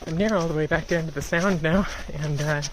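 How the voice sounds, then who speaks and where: A woman's voice: deep voice, a little fast, a little hiss or hum. A woman narrating a casual outdoor vlog in a chatty, upbeat, self-deprecating way, talking into a handheld camera. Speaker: solo sailor vlogger. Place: outdoors, on a sailboat and hiking trail.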